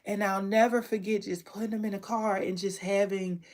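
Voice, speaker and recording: A woman's voice: medium pitch, fairly even intonation, moderate pace, darkish tone. Woman, candle maker, candid, emotional, repetitive storytelling, to camera. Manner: emotional, candid, repeats herself. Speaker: candle maker and online teacher.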